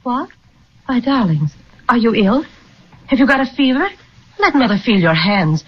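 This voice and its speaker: A fussing, husky-voiced mother. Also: a little high, big pitch swings, normal speed. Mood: concerned. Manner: fussing, concerned. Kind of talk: 1930s radio acting. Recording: dull lo-fi old radio recording.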